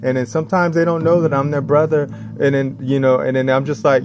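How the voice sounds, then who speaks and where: A man giving a casual religious talk as an online preacher, tagging his points with "right?" and "check this out", reading scripture slowly and acting out quoted voices higher. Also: fairly even intonation, noisy background. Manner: reads scripture slowly and deliberately.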